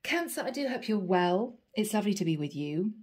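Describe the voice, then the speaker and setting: A woman's voice: mid-range voice, very animated, a little fast, darkish tone, slightly rough. A woman giving a chatty channeled tarot reading, thinking aloud and tentative. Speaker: psychic tarot reader.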